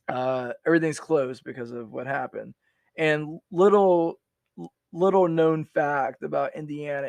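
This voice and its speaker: A man's voice: on the high side, gravelly, a little mellow, no echo. A man in his forties, a veteran guest on a podcast, telling his story in a rambling, casual way with many restarts and fillers.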